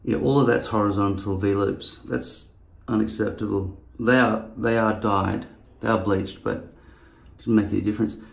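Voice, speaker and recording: Gravelly low-voiced man rambling in an echoey room. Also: steady tone, moderate pace, hardly any pauses. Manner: rambling and profane. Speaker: vlogger. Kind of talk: casual chat.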